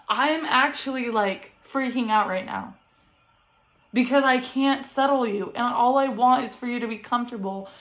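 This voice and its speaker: A woman's voice: a little high, a bit bright. A young woman, a first-time mother, talking earnestly and encouragingly to camera at home, often laughing. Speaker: vlogger, first-time mom. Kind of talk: heartfelt vlog talk to camera. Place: home bedroom with ring light.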